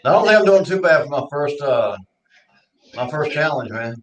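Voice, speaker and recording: A man's voice: fairly high pitch, expressive, moderate pace, low-quality recording. A man with a Southern US accent, a player in a tournament, chatting casually and politely. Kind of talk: casual chat.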